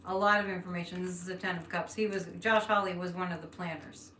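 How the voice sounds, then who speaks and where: Quick and a bit bright, this woman's fairly low voice stays fairly even as she does psychic card readings on a live stream. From the Boston area, with a light accent, she laughs a lot, chats with viewers, and reasons aloud; the room echoes, the mic is distant, and there's faint noise.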